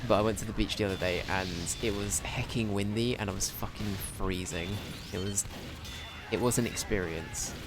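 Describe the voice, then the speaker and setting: Young guy streaming games, chatty and sweary, bit low voiced, quiet music underneath. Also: steady tone, moderate pace. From Britain. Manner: chatty, rambling, sweary and jokey. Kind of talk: casual game-stream chat.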